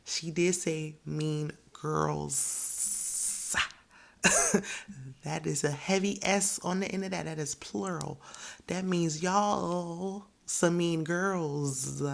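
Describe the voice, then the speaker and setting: A woman's voice: deep voice, vocal fry. A woman casually recapping a reality show in an opinionated, chatty way, often laughing and quoting the cast.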